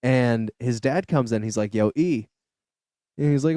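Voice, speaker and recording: A man's voice: medium pitch, moderate pace, dark tone, no room sound. Young guy podcast host rambling thru a story, swears a lot, super dry close mic. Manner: loose, profane storytelling with many fillers. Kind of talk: casual storytelling chat. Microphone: studio podcast mic.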